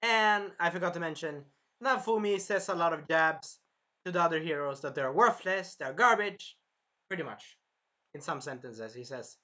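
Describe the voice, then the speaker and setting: A man's voice: a little high, animated, normal speed, sharp tone. A man reviewing an anime episode in a casual, rambling recap full of fillers, sounding a bit tired. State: tired, clearing his throat.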